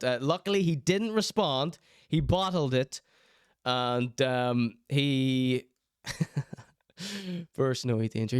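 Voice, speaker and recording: A man's voice: mid-range voice, clear, resonant tone, no echo, clean studio sound. A man hosting a show, talking casually and teasing, often breaking into laughter as he speaks. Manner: laughs mid-sentence, teasing. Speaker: host. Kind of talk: casual mocking commentary.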